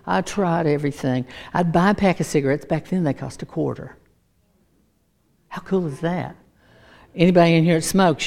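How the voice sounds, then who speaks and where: Woman preacher, middle-aged, warm-toned storyteller, animated, laughs easily. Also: lowish voice, brisk. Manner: animated storytelling, acts out voices, laughs often. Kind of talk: sermon with personal testimony.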